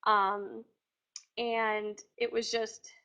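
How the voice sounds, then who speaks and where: A woman answering interview questions casually, chatty and animated, with acted-out quotes. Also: a little high, extremely slow. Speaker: reality TV contestant being interviewed. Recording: dull lo-fi sound.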